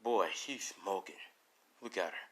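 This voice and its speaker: A man voicing leering male street thugs in a low, slow, sleazy drawl.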